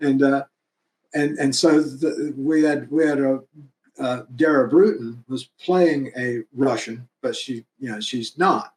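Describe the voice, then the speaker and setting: A man's voice: medium pitch, takes it slowly. A man talking enthusiastically about producing his fan film episodes, rambling and laughing now and then. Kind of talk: casual interview chat. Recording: roomy echo.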